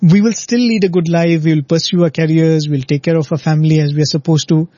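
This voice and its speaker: A man's voice: a little high, fairly even intonation, fast, dark tone, dry recording. A man giving an earnest, reflective devotional talk, often ending points with a questioning "right?". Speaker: devotional speaker. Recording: dull lo-fi dry recording.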